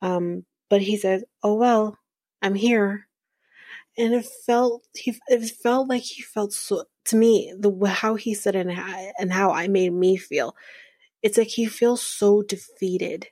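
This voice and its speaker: A woman hosting a podcast, casually recapping a reality show in a chatty, rambling way with fillers and soft laughs. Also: medium pitch, measured pace, slightly rough, dry recording, clean studio sound. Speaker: podcast host.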